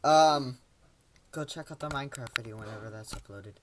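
A woman with a bass voice hosts a gaming video, giving casual, rambling let's-play commentary at a fairly quick pace. She jokes at her own expense as she plays, and there's a little hiss or hum in the recording.

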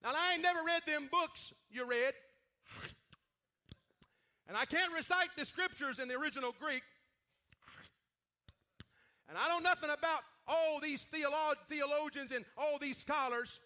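A preacher playing a calm old country preacher. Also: male voice, very high-pitched, exaggerated voice. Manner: folksy, unhurried. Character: old plain-spoken male preacher, calm and humble.

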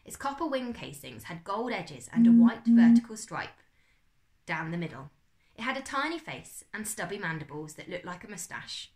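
A woman teacher, reading a class story aloud with expressive storytelling. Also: lowish voice, normal speed.

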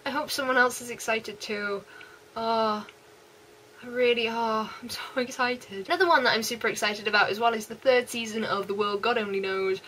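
A young woman with a West Country English accent, chatting excitedly and gushing in repeats as an anime vlogger. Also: fairly high pitch, moderate pace, a little hiss or hum, poor audio. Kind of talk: casual chat.

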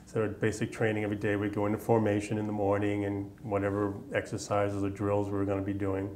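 A man's voice: on the low side, monotone, quick pace, darkish tone, slight background noise. A man in his fifties from Massachusetts, telling his army memories in an oral history interview, rambling along with many fillers. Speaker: veteran interviewee.

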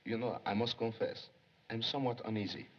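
An actor playing an eager, excitable young male police secretary who gets flustered and theatrical, in 1930s film acting. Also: lowish voice, brisk, a little hiss or hum, lightly acted. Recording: dull lo-fi 1930s film soundtrack.

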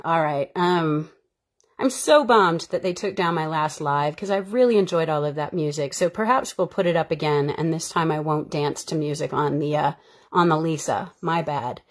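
A woman's voice: deep voice, normal speed. A woman who is an actor, chatting casually on her live stream in a rambling, heartfelt way. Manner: rambling, heartfelt and chatty, with frequent fillers and bursts of laughter.

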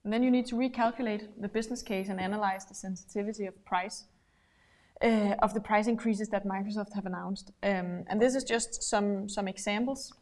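Woman, webinar presenter, middle pitch, filler-heavy explaining, video call mic. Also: fairly quick. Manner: steady explaining with many "uh" fillers. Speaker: webinar co-host.

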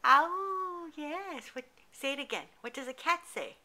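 A woman's voice: high-pitched, very animated, moderate pace, bright, forceful tone. A mother at home coaxing her toddler in a sing-song, encouraging voice, recorded on a camcorder's built-in mic. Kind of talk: playful baby talk with a toddler.

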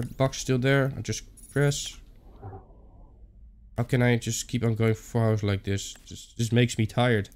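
A man's voice: medium pitch, clean tone. A young man with a Dutch accent giving playful, muttered commentary on a horror game playthrough, talking to himself and joking. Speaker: gaming YouTuber.

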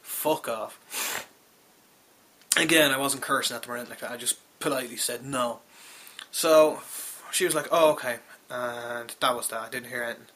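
This is a young man with an Irish accent, telling a casual, rambling story about his job. His voice is bright and forceful. He is exasperated and profane, and he keeps stumbling and restarting as he rants. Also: medium pitch, fairly even intonation, fast talker. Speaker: call centre worker telling a story. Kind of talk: casual spoken anecdote.

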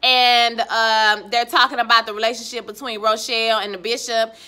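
A woman's voice: fairly high pitch, flat delivery, normal speed, pushed and bright. A woman giving a casual recap of a TV episode, with sassy, slangy asides to the viewer. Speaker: TV show recap reviewer.

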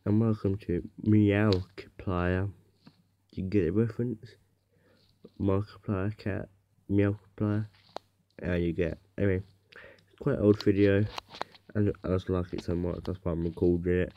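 A man's voice: low-pitched, fairly even intonation, normal speed, highs cut off, slight background noise. A man casually introducing his favourite clips in a rambling, chatty way. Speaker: fan video uploader. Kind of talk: casual chat.

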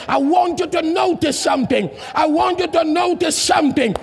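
Shouting high-voiced preacher, echoing church hall. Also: male voice, normal speed, creaky, soft background music, a faint crowd. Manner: shouting, call-and-response preaching. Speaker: pastor. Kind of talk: sermon. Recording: long hall reverb, congregation faint.

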